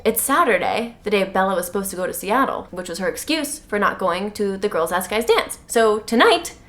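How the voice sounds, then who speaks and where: A woman's voice: medium pitch, lively intonation, brisk, fairly bright tone, a little hiss or hum. A woman co-hosting a casual read-along podcast, reading aloud playfully with dramatic mock outbursts. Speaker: podcast co-host. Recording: echoey room with faint music.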